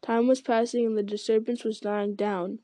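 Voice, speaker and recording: A woman reads a fantasy novel aloud in an even, unhurried manner, now and then restarting a phrase. Her voice sits a little high with a warm, mellow tone, and the recording is close and dry. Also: no room sound. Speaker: audiobook reader.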